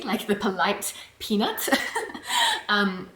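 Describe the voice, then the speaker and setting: A woman from New Zealand with a New Zealand accent, chatting casually to camera in a vlog, animated and laughing often. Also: medium pitch, takes it slowly, roomy sound, slight background noise. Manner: chatty and animated, laughs often, acts out her own reactions. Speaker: vlogger.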